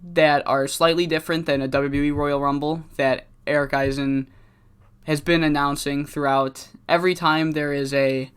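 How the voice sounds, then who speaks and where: Excitable, profane game commentator. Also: mid-range voice, moderate pace, clean tone. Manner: excitable, profane, laughs often. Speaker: gaming video host.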